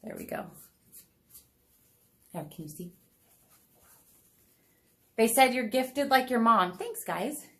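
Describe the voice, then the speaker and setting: A woman's voice: fairly high pitch, lively intonation, slow, pauses often. A woman streaming from home as she paints, chatting in a bubbly way with her viewers and laughing often. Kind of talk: casual chat while painting live. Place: home room, not a studio.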